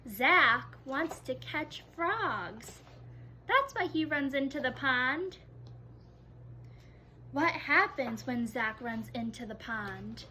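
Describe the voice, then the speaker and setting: A woman teaching kindergarten, reading a story aloud in a slow, exaggerated sing-song way and gently encouraging the children. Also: high-pitched, a little hiss or hum.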